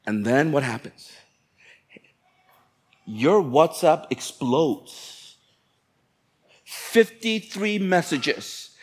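Man, pastor, sermon, chatty and playful, slightly high voice. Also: big pitch swings, extremely slow, long pauses. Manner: conversational, playful preaching with acted-out inner voices.

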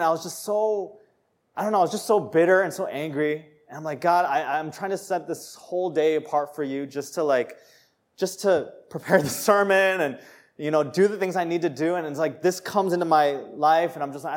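A young man preaching a sermon, telling a personal story with laughter and rising to joyful shouts. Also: fairly high pitch. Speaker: pastor.

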